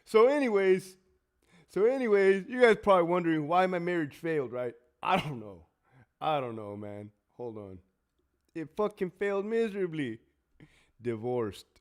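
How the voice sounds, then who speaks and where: On a casual livestream, a former prison officer rants bluntly with plenty of profanity. His voice is somewhat high and animated at a normal speed, and he laughs often between lines.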